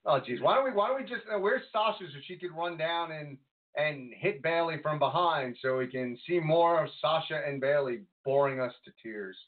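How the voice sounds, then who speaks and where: A man co-hosting a podcast, chatting casually about wrestling in an animated, exasperated way. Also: fairly high pitch, normal speed. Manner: animated, exasperated ranting, breaks into laughter. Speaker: podcast co-host. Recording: tinny phone-like audio.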